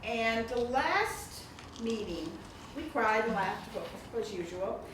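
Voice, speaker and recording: A woman's voice: a little high, lively intonation, slow pace. A woman of older age giving a chatty, laughing introduction at a book reception. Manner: warm, chatty, laughs often. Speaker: speaker introducing the author. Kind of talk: casual spoken introduction at a book event. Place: indoor reception room. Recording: echoey room, mic far off, noisy.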